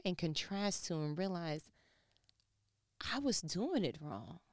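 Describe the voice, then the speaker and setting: A woman with a low voice preaches a sermon, close to tears as she speaks. She drops to near-whispers, then climbs into loud, passionate stretches. The recording is dry, with no room sound. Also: sing-song, takes it slowly, pauses often, no echo. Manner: impassioned, emotional, shifting between hushed and loud.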